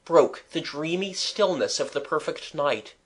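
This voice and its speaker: A man narrating a children's audiobook chapter in a measured, expressive storytelling manner. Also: a little high.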